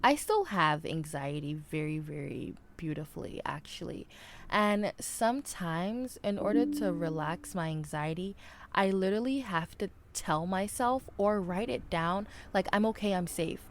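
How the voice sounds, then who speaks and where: A woman's voice: lowish voice, animated, unhurried, a little hiss or hum. A woman in her twenties hosting a solo podcast, talking candidly and emphatically in casual slang. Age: 20s. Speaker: podcast host. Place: indoors, planes heard overhead.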